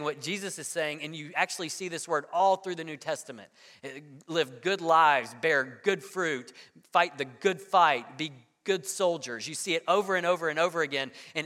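A man's voice: on the high side, pushed and bright. A man in his thirties preaching a sermon in a conversational way, often repeating words and asking "right?". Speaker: pastor. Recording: long hall reverb.

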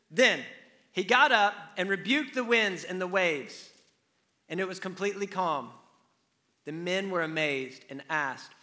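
A man's voice: high-pitched, normal speed, sharp tone. A man preaching a casual, humorous sermon in a church after opening with a prayer, acting out the disciples' lines. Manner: casual and joking, acts out the disciples. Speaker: pastor. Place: church hall.

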